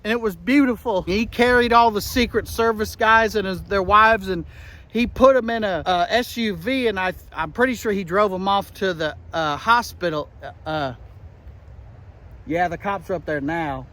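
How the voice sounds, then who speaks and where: Playing a rally eyewitness, a deadpan comedian with a bright, high voice rambles at a moderate pace through a satirical character monologue, punctuated by shouted slogans and gun noises. The audio quality is poor.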